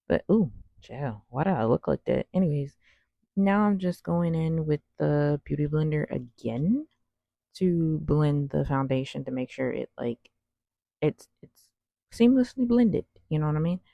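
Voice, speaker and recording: Gravelly low-voiced woman vlogger, casual. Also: lively intonation, unhurried, no echo, dull audio. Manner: rambling, slangy, self-deprecating. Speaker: cosplay vlogger. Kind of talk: casual voice-over over makeup footage.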